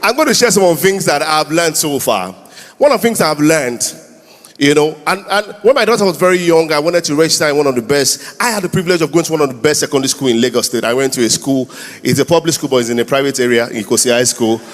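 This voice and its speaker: A Nigerian man in his thirties telling comic stories live, urging the crowd to clap and shout. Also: on the high side, fast talker, soft background music. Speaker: comedian. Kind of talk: live stand-up storytelling. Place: church hall. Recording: reverberant hall with faint noise.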